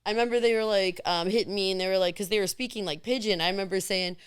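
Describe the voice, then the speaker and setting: A woman in her thirties, a podcast guest telling candid stories in an animated way, acting out the voices of others. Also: medium pitch, fast talker, clean tone, dry recording, studio quality. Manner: animated, acts out quoted voices. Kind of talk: candid storytelling.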